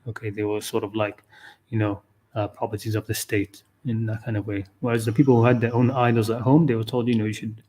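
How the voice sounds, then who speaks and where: A man's voice: fairly low pitch, flat delivery, quick pace, warm tone, husky. A man giving an unscripted livestream talk on a scripture verse, thinking aloud with frequent restarts and "okay, you know". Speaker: Qur'an teacher.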